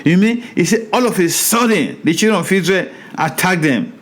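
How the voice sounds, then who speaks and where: A man teaching a Bible study in a sermon style, reading scripture aloud and preaching with animated, repeated phrases. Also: high voice. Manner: slows down over hard place names.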